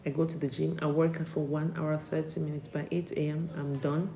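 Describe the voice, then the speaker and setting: Woman, low voice, live-streamed motivational talk, upbeat, repeats phrases, roomy echo. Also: little pitch movement, fairly quick, creaky. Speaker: motivational speaker. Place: at home. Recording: roomy echo, faint background noise.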